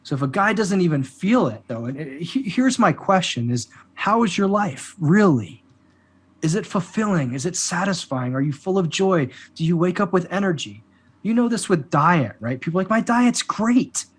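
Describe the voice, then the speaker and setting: A man talking as a guest on a podcast about men's work, an animated storyteller who often acts out the back-and-forth of conversations. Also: high voice, normal speed, breathy edge.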